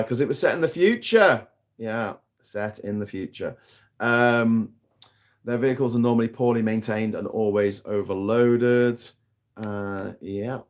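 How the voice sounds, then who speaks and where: A British man holds forth on a casual live stream, broadcasting from outdoors on an island. He rants with plenty of swearing and keeps restarting his sentences as he gets heated. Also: on the low side. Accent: British English. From Britain. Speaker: livestream host.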